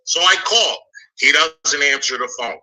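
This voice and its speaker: High, bright-voiced man ranting. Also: animated, unhurried, poor audio. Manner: indignant, swears, acts out both sides. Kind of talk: animated storytelling rant.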